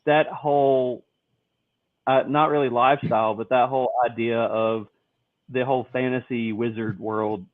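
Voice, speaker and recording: A man's voice: medium pitch, steady tone, no room sound. Man on a tinny, phone-like recording. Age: adult. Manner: halting, with filler sounds and swearing. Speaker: podcast co-host. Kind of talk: casual chat.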